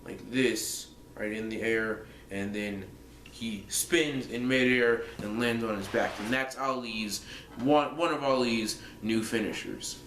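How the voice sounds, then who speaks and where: A man's voice: mid-range voice, steady tone, slow, fairly bright tone, a little hiss or hum. A young man vlogging casually, rambling through a story with lots of fillers and restarts. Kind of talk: casual fantasy-booking monologue. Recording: echoey room.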